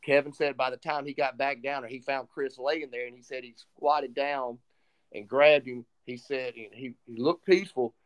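Guy on a podcast telling a story, gets animated, voices the people he quotes. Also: mid-range voice, normal speed. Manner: animated retelling, acts out quoted dialogue. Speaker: podcast co-host. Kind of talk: casual storytelling chat.

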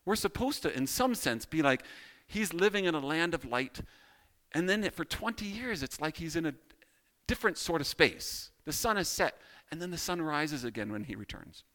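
A man's voice: on the high side, lively intonation, normal speed, fairly bright tone. A man teaching a Bible study in a casual, self-deprecating way, asking rhetorical questions.

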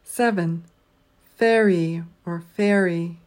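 A woman teacher reading out a spelling word list, saying each word twice in a slow, deliberate way. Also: lowish voice, a little mellow.

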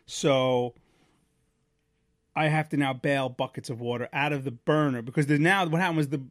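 A man in his thirties co-hosting a podcast, telling a story casually and acting out the voices loudly. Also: medium pitch, moderate pace, no room sound, clean studio sound. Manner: animated, acts out quoted voices loudly. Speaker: podcast co-host.

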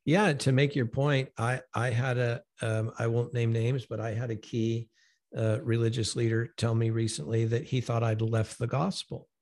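Gravelly-voiced man explaining at length. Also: medium pitch, little pitch movement. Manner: measured, explanatory, gently emphatic. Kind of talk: conversational teaching.

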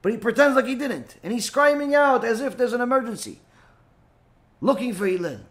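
A man teaching through a story, narrating with animated energy and acting out the voices of the people in it. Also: extremely high pitch, brisk. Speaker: Torah teacher. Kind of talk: storytelling lesson.

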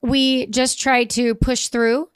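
Woman co-host, casual chat, higher voice, earnest and hesitant, dry sound. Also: flat delivery, slow pace, clean tone, no room sound. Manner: earnest, reflective, with hesitant fillers. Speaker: podcast co-host.

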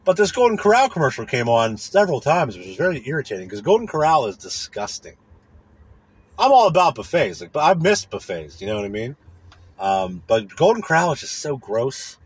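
With a slightly rough, mid-range voice, big pitch swings and a brisk pace, a man hosting a podcast launches into a casual rant. He complains irritably, rambles, swears, and keeps asking "you know what I mean."

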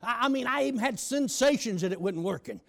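A man preaching a storytelling sermon, shouting and slowing down for emphasis. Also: extremely high pitch, animated, vocal fry.

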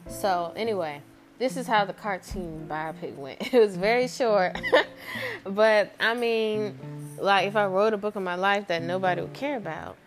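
A young woman talks through a casual podcast, venting about her past in a chatty, animated way and slipping into the voices of the people she quotes. Her voice sits at an ordinary middle pitch. Guitar music plays clearly behind her the whole time. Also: moderate pace. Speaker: podcast host. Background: background guitar music.

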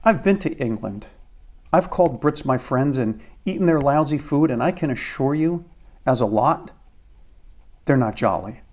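A man's voice: mid-range voice, lively intonation, moderate pace, darkish tone. An American man hosting a podcast, delivering a crude, sarcastic comedic rant. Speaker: podcast host.

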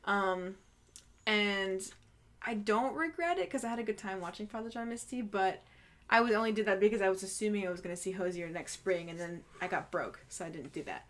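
A young woman co-hosting a podcast, chatting casually with lots of fillers and quick laughs. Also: mid-range voice. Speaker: podcast co-host. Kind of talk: casual chat.

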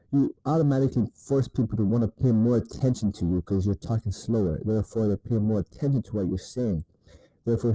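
A man's voice: on the low side, warm tone, slightly rough, dry recording, rough recording. A man giving laid-back, profane dating advice in a rambling casual monologue, often asking "you know what I mean".

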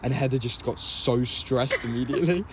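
A man's voice: mid-range voice, normal speed. Young man chatting over background noise. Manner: laughing, swearing storyteller. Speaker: podcast host. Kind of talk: casual chat. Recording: noisy background.

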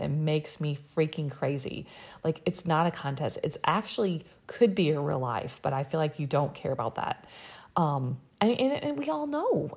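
Woman recap commentator, husky creaky voice, animated, exasperated. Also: deep voice. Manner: animated, exasperated, quotes people in raised voice. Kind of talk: casual recap chat.

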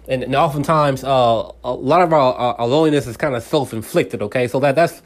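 A male host talking straight to his listener in an earnest, casual way. He rambles and restarts his sentences often, his voice sitting at an ordinary middle pitch. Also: brisk. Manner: friendly, speaks directly to listener. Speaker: radio show host. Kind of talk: casual motivational talk.

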